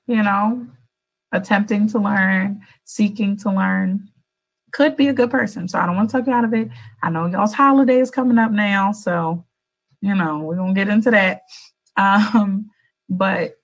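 A woman's voice: mid-range voice, low-quality recording. A young adult woman vlogging in a casual, rambling motivational chat, speaking to her viewers with affectionate asides.

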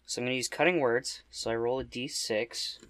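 A man's voice: mid-range voice, fairly even intonation, fairly quick, noisy background. A man playing a tabletop game, eager and giggly, hesitating over his moves. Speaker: player. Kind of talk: casual tabletop game play.

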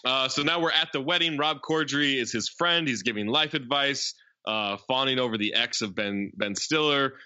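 Man, podcast co-host, casual film recap, bright tense voice, rambling, dry dull sound. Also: mid-range voice, normal speed, dry recording. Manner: rambling, enthusiastic, many "like" fillers.

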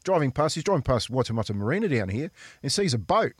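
On a clean studio recording with no echo, a New Zealand ex-rugby league player tells casual radio stories. His husky, mid-range voice moves fast with big pitch swings, and he laughs often and keeps saying "mate."

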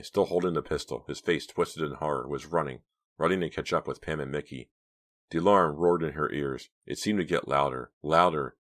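A man narrating an audiobook in a quiet, steady reading voice. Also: a bass voice. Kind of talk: scripted narration.

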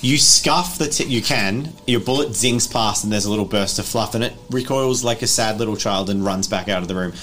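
A young man running a tabletop game as game master, narrating the scenes in a casual, quick way with frequent giggles. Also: fairly low pitch, fairly bright tone.

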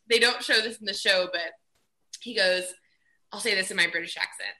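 A young woman being interviewed about her time as a contestant, speaking in a very bright, forceful voice. She tells her story in a chatty, animated way with many fillers and asides. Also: mid-range voice, brisk, rough recording. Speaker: guest, former reality cooking contestant. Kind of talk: casual interview chat.

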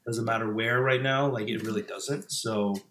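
A man's voice: mid-range voice, steady tone, moderate pace, roomy sound, a crowd in the background. A man in his thirties, a former pastor, speaking as a podcast guest in a reflective, casual way with frequent fillers and restarts. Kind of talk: casual conversational interview.

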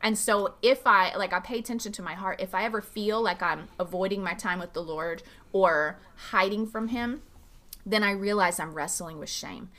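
Woman pastor, chatty and animated, acts out dialogue, mid-range voice. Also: moderate pace. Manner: animated, acts out quoted dialogue with big pitch jumps; casual, many "like" fillers. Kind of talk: conversational faith teaching.

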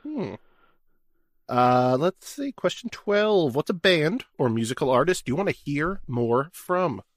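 Guy hosting, swoopy animated voice, short reactions, dry mic. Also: fairly high pitch, takes it slowly, no echo. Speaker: podcast host asking questions. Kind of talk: casual interview.

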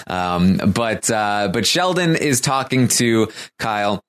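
A man with a very low voice gives a casual recap of a show. He talks in a halting way, pausing and restarting often. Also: expressive, clean tone. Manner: halting, many fillers and restarts.

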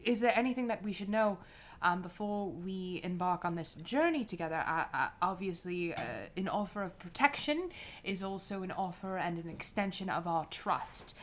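A woman's voice: on the low side, animated, normal speed, fairly bright tone, slight background noise. A woman voicing a formal, courteous adventurer who bargains with ornate, hesitant politeness. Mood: earnest. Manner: flowery, overly polite speech with many hesitations.

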